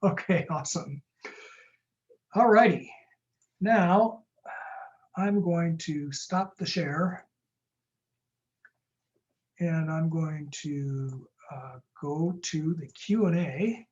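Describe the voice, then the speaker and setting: A man, a startup lawyer, giving a quick, jokey webinar talk and answering audience questions over a video call. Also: on the high side, darkish tone, muffled recording. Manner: fast-talking, jokey and upbeat.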